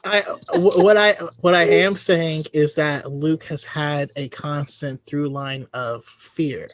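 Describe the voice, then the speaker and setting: A podcast co-host lays out a point in a measured, emphatic way. The mid-pitched voice is recorded close and dry, with no room around it. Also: dry recording. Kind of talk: casual fan discussion.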